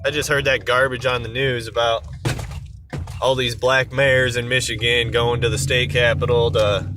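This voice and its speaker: A man's voice: medium pitch, little pitch movement, normal speed, background noise. A man ranting in an exasperated, sarcastic way in an opinion vlog. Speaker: vlogger. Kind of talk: opinion rant to camera.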